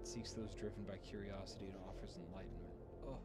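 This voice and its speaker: A man's voice: low-pitched, fairly even intonation, quick pace, over loud music. A man hosting a casual card game stream, gushing over the card art and swearing freely. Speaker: streamer host.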